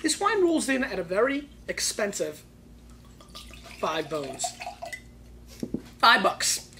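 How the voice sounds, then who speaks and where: A man hosting a wine tasting show, reviewing bottles in a loud, excitable, slangy way that jumps between hushed asides and shouting bursts. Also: sits high, takes it slowly, slight background noise.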